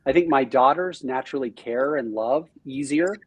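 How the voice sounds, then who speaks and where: A man talking as a podcast guest in a casual interview, animated and self-deprecating, often restarting his sentences. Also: mid-range voice, normal speed, slightly rough. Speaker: real estate team leader, podcast guest.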